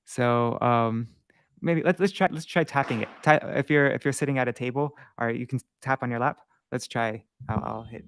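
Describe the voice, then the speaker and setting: A man teaching Sanskrit verse meter in a casual live-streamed lesson, patient and halting, thinking aloud and chanting syllable patterns slowly. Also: mid-range voice, clear, resonant tone.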